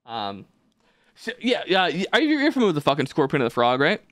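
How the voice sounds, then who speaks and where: A man's voice: fairly high pitch, wildly swooping pitch, quick pace, a bit bright, dry recording, clean studio sound. A man co-hosting a podcast, rambling casually with lots of swearing and fillers. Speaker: podcast co-host.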